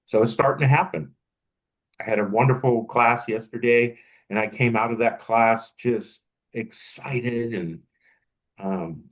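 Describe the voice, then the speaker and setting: A man's voice: medium pitch, measured pace, poor audio. A man co-hosting a podcast, speaking reflectively and thinking aloud, often restarting his sentences. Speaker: podcast co-host. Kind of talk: casual podcast conversation.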